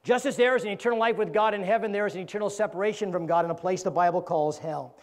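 Man, evangelist, high voice, sermon, storytelling, does voices for the joke. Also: quick pace. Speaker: evangelist preacher.

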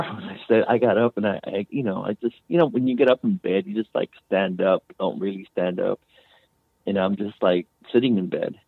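Over what sounds like a phone-like remote line, a guest author with a low voice, vocal fry and a breathy edge rambles through a personal story. He keeps restarting and reaching for "you know" and "man," and the recording is dry.

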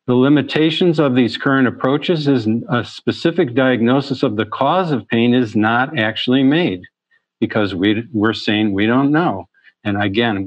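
A man, speaking at a middle pitch, tells stories to an audience the way a physician would in a lecture. He is earnest and often restarts his phrases. The recording sounds a little dull and lo-fi. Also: no room sound. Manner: storytelling, earnest, with frequent restarts. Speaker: pain medicine physician. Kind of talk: presentation.

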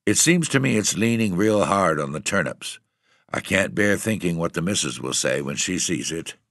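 A man's voice: low voice, animated, moderate pace, fairly bright tone, no echo, studio quality. A man voicing a worried, middle-aged rustic village landlord who speaks in plain country talk. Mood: fretful.

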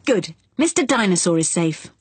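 A woman voicing a kind, sensible mother pig in a children's cartoon, talking in a gentle, patient, encouraging way. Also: on the low side, very animated, normal speed, slight background noise. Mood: urgent. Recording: music behind the voice.

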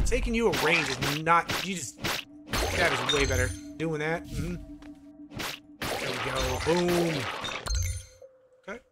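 A gaming channel host with a slightly high voice mutters a casual play-by-play of a video game into a desk microphone, dropping the odd swear word. It's let's play commentary, and there's heavy background noise.

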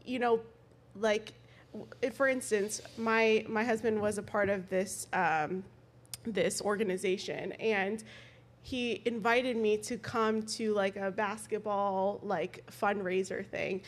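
A woman's voice: mid-range voice, steady tone, takes it slowly. A woman guest on a podcast, chatting casually with many fillers as she retells a story from her life. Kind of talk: casual chat.

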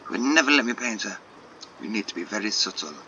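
A man's voice: lowish voice, lively intonation, fast talker, bright, forceful tone, highs cut off, a little hiss or hum. A man putting on a haughty painter with a mock French accent. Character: fussy eccentric male painter, proud.

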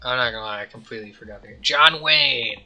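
A man's voice: medium pitch, quick pace, bright, forceful tone, muffled recording, soft background music. A man giving casual, jokey commentary on a video game, laughing often and reading the characters' lines aloud in playful voices. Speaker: let's player.

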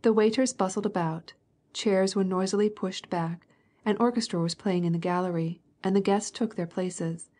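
A woman narrating a classic novel as an audiobook, in an even, measured storytelling manner. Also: medium pitch.

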